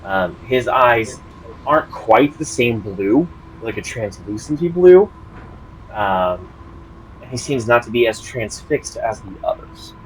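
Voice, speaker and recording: A man's voice: medium pitch, animated, slow, slight background noise, rough recording. Hesitant male game master. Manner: hesitant, lots of ums and restarts. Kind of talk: narrating a tabletop game.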